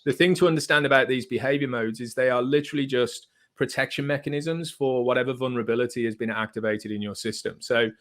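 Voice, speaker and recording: Male therapist guest, measured and explanatory, mid-range voice. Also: mid-range voice. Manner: calm, methodical, explanatory. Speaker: psychotherapist guest. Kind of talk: explaining therapy concepts in conversation.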